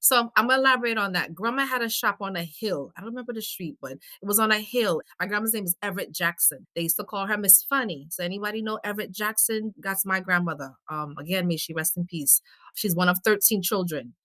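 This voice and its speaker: Lively Belizean woman with a mixed accent. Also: mid-range voice, fast talker, hardly any pauses, dry recording. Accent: New York and Caribbean mix. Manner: personable, chatty storyteller. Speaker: guest. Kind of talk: casual podcast chat.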